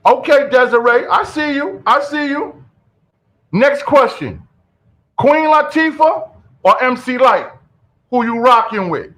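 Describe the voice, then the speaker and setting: Radio host guy, real high voice, loud and lively, lots of "yo". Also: low-quality recording. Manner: animated, loud, quick repeated calls of "yo". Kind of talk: casual radio chat.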